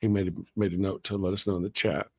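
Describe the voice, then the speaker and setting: A man hosting a casual morning livestream, talking in halting starts and greeting viewers in the chat. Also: deep voice, level tone, breathy edge. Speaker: host.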